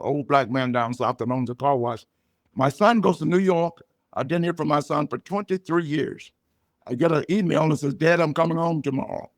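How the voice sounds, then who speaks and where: An older man, a comedian guest, telling stories and jokes in a loud, punchy way. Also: on the high side, dry recording, studio quality. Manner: loud punchy joke delivery, animated storytelling. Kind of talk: storytelling comedy chat.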